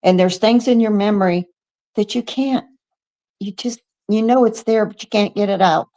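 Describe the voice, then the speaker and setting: An older woman in her seventies from the United States, a guest on a radio show, telling her own story with lively acted-out dialogue, stumbling and restarting as she goes. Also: medium pitch, normal speed. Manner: animated storyteller who acts out quoted dialogue, with stumbles and restarts. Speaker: guest witness. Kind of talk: first-person storytelling. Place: radio studio.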